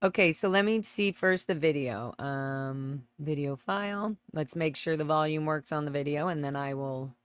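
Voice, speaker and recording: A woman's voice: low-pitched, moderate pace, hardly any pauses, clear, resonant tone, dry recording. A woman hosting a casual livestream from home on a close microphone, chatting and greeting viewers by name. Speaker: livestream host. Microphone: close desk microphone.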